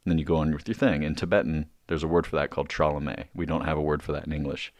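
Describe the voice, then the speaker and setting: Deep-voiced rambling man, dry sound. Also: little pitch movement, quick pace, a little mellow, dry recording. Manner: rambling, many fillers and restarts. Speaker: podcast guest. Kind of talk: casual podcast chat.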